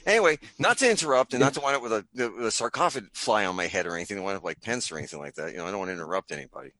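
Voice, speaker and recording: A man's voice: lowish voice, expressive, pushed and bright. A man guesting on a podcast, trading sarcastic jokes in casual banter and cutting in with wisecracks. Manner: sarcastic, joking, quick to interrupt.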